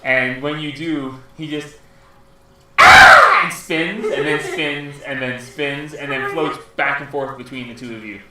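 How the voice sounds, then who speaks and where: A man narrates as game master at a tabletop session, telling the scene with playful animation. His voice sits a little high and comes from across a very echoey room. Steady noise hangs under the recording. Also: normal speed, few pauses. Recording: echoey room, far from mic, noisy.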